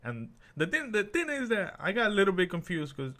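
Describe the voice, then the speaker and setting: A young man co-hosting a podcast in casual chat, reacting quickly with short interjections before telling his own story. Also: high voice, very animated, a bit bright. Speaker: podcast co-host.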